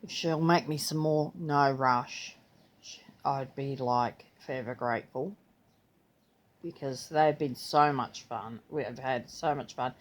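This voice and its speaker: A woman's voice: extremely low pitch, takes it slowly. An older grandmother, chatting casually in her vlog, rambling and slipping into playful voices when she retells things. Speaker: vlogger. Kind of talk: casual chat.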